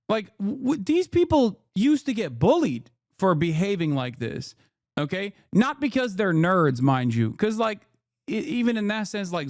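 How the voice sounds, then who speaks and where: A man's voice: fairly high pitch, no echo, studio quality. A man streamer reacting to a video clip in heated, profane rants. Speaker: streamer commentator.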